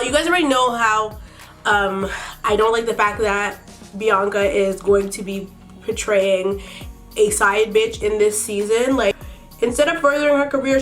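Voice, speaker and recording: Sassy woman doing a makeup tutorial, a bit sick, cusses a lot, light music playing. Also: medium pitch. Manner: blunt, profane, sassy commentary. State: slightly sick. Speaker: beauty vlogger. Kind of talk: makeup tutorial with TV recap chat.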